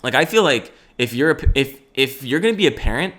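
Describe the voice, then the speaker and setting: A man in his twenties talks alone on his podcast at an average pitch for a man. His delivery is loose and rambling, full of jokes, swearing and frequent laughs. He sounds like he is thinking out loud as he goes. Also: expressive, quick pace. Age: 20s. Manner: rambling and jokey, laughs often, swears casually. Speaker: podcast host. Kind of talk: solo comedic podcast monologue.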